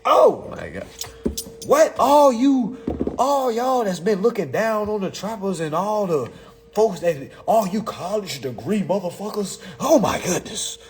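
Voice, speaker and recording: A man, talking in a profane, excitable casual monologue, reading legal text aloud and mocking it. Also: high voice, measured pace, slight background noise. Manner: profane, excitable, laughs often, reads text aloud and mocks it. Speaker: commentator on consumer law.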